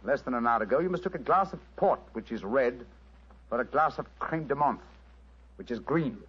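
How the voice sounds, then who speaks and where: A man's voice: medium pitch, expressive, moderate pace, breathy edge. An actor playing a precise, coolly accusing male detective in a 1940s radio drama. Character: cool, cutting male detective. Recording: dull lo-fi old radio recording.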